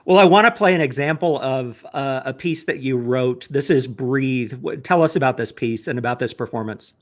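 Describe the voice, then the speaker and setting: A man's voice: medium pitch, moderate pace. A man who directs a church's music program hosts an interview, giving brief, encouraging prompts. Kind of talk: casual interview hosting.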